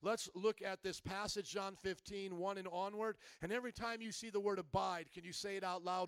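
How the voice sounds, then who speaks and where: A male pastor with a high, resonant voice reads scripture slowly and deliberately. He leads the congregation in call-and-response. The sound is close and dry. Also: fairly even intonation, a bit bright, clear, resonant tone, dry recording. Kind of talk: sermon with scripture reading.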